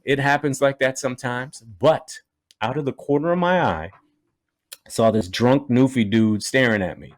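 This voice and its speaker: A man's voice: mid-range voice, no room sound. A man from Canada doing stand-up comedy, telling a story in a conversational way with chatty asides.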